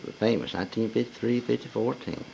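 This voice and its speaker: A man's voice: fairly low pitch, fast, vocal fry. A man in his fifties filming his workplace on a home video camera, narrating casually and teasing coworkers as he walks through. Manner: jokey, teasing coworkers as he films. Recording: dull lo-fi home tape with loud noise.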